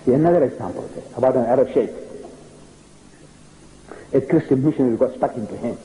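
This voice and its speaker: An older man from South Africa giving a storytelling lecture, animated and emphatic, often repeating key phrases. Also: mid-range voice, quick pace, a little hiss or hum, poor audio.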